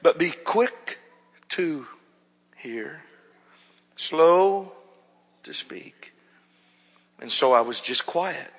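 A male pastor telling stories in a sermon, dropping to a hush and then rising loud and animated. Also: a little high, very slow, long pauses, husky. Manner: animated storytelling, swings from hushed to loud. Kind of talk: storytelling sermon. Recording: muffled hall reverb.

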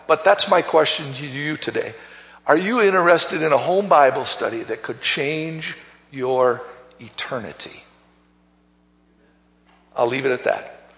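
A man preaching a sermon as pastor, slow and emphatic, reading scripture and building to shouts. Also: a little high, animated. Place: church sanctuary. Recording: long church reverb, dull sound.

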